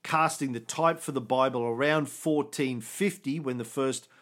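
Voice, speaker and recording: A man hosting a casual history podcast, explaining events with quick jokes and the odd swear word. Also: medium pitch, a bit bright. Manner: jokey, swears, quick asides. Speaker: podcast host.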